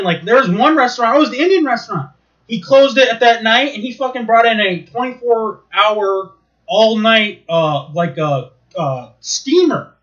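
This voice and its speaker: A high-pitched man with a bright, forceful voice tells rambling stories full of swearing and restarts. He talks casually and with animation, and his voice comes through a dull, lo-fi recording. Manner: rambling, profane, animated storytelling. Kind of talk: casual chat.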